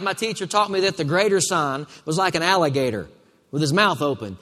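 A man preaches a sermon as pastor, calling on his congregation to answer back. His voice sits a little high. It rings with long reverb from a large hall. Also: lively intonation, brisk, fairly bright tone, a little hiss or hum. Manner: preaching with call-and-response to the congregation.

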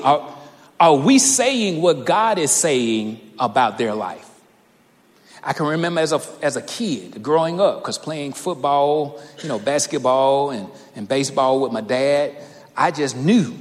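A pastor in his thirties delivers a sermon, sharing a personal story and building toward fervent emphasis. His voice is on the high side and echoes with a big-room sound.

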